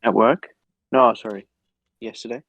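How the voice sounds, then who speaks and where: A young man co-hosting a casual podcast, teasing his friend in a quick, chatty way. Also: medium pitch, steady tone, fairly bright tone, no room sound, dull audio. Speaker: podcast co-host. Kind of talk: casual chat.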